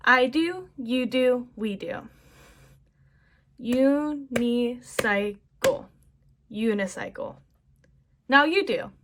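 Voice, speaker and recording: A woman teaching a children's lesson, slowly modeling words and praising the listener. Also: high voice, sing-song, a bit bright. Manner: slow, encouraging, modeling words for kids.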